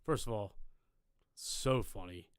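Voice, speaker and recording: A man's voice: on the low side, slow, smooth, dry recording, studio quality. A man co-hosting a live podcast, telling loose, rambling stories full of swearing in casual chat. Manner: loose, rambling storyteller with lots of profanity. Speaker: podcast co-host.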